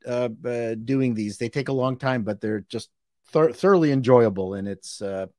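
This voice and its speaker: Male guest, mid-pitched, hesitant, dry close sound. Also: dry recording. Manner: halting, with many fillers and restarts, trailing off softly. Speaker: guest YouTuber. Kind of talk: casual live-stream chat.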